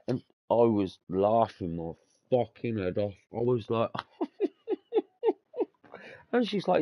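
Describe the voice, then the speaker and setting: This podcast host is a young man with a low, measured, darkish voice and no room sound behind it. He spins stories in a relaxed chat, swears a lot, laughs often, and leans on words like "bruv" and "mate."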